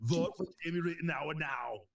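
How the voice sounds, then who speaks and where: A man's voice: a little high, normal speed, recorded from a distance, close to an everyday voice. Casting: a man playing a stern, clipped action hero barking orders, off mic. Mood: commanding. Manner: clipped, commanding, formal phrasing. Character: stiff commanding action-hero impression.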